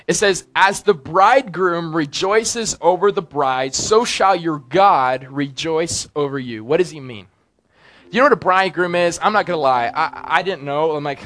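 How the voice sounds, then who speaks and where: A young man preaching a sermon in a casual, conversational way that turns animated and excitable. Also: fairly high pitch.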